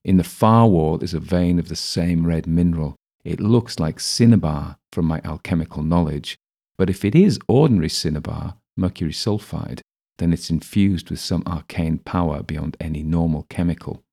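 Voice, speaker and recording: A man narrating a first-person audiobook in a steady, even way. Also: low voice, normal speed, creaky, husky.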